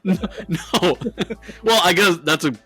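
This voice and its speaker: A man co-hosting a podcast, chatting casually with a bright, forceful voice. He talks loosely, swears freely and laughs often. Faint music sits behind him. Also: high voice, unhurried, husky. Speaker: podcast co-host.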